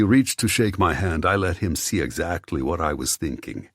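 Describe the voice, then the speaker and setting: A man reads an audiobook in the first person, his voice deep and husky. His telling is tense and inward, with plenty of movement in pitch. The sound is close and dry. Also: expressive, moderate pace, dry recording. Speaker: audiobook narrator. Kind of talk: scripted audiobook narration.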